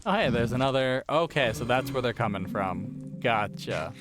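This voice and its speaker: A man at a middle pitch chats loosely through a let's play, wandering between the game and his own worries, poking fun at himself. His voice is worn and a little hoarse, as if it is going. Game music plays clearly underneath him. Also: lively intonation, moderate pace. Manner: rambling, self-deprecating, chatty. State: losing his voice. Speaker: gaming channel host. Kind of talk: casual let's play commentary.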